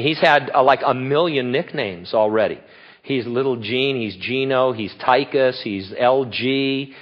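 An older male pastor delivers a sermon in a mid-range voice, wandering from one aside to the next. He jokes about himself and breaks into laughter. The recording sounds a little dull and muffled. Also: medium pitch. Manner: rambling, joking, breaks into laughter.

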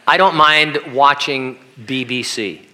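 Bright-voiced preacher, conversational. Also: male voice, mid-range voice, slow, a little hiss or hum. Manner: conversational preaching with humorous asides and acted-out quotes. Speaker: pastor. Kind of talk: sermon.

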